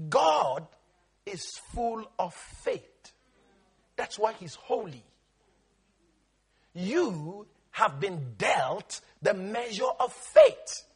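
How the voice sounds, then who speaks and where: A man's voice: high voice, husky. A man preaching an emphatic sermon, calling on the congregation to answer him and repeat his words. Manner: emphatic call-and-response preaching.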